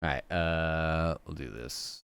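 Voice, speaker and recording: Deep-voiced man muttering while he works. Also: slow pace, creaky, a bit bright, clean tone, dry recording, clean studio sound. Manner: muttering to himself while working, scattered fillers. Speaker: streamer. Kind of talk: casual work stream chat.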